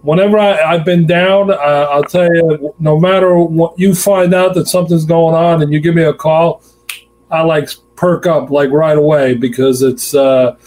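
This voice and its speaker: A man hosting a show, talking in a relaxed, affectionate way and spinning anecdotes. His voice sits a little high for a man. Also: normal speed, poor audio. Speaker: radio show host. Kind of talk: casual chat.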